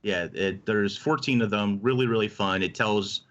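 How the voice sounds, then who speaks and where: A man's voice: lowish voice, moderate pace, a bit bright, dull audio. A man co-hosting a casual panel chat, eagerly retelling a game's story in detail. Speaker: co-host. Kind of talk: casual panel chat about a video game.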